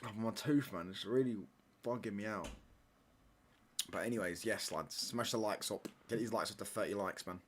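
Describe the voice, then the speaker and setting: A man's voice: lowish voice, normal speed, a little hiss or hum. A young man hosting a live football watch-along, teasing his chat with cheeky banter, laughing often and ending lines with mate or pal. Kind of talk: live casual chat over a match.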